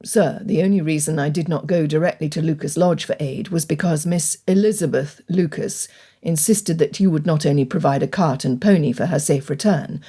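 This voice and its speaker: Young aristocrat, proper and reserved, lowered voice, audiobook, put on by a woman narrator. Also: dark tone, breathy edge. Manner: formal, earnest.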